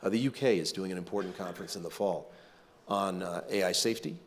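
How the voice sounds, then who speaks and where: A middle-aged man, a government official, answering questions in a panel interview in a measured way with frequent fillers. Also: low-pitched, slight background noise.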